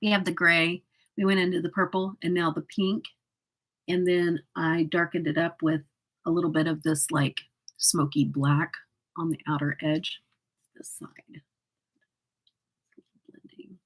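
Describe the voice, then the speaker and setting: Chatty, husky woman livestreamer. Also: fairly low pitch, level tone, a little slow, pauses often, low-quality recording. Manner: chatty, laughs often, reads and answers viewer comments. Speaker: makeup livestream host. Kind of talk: casual livestream chat while doing makeup.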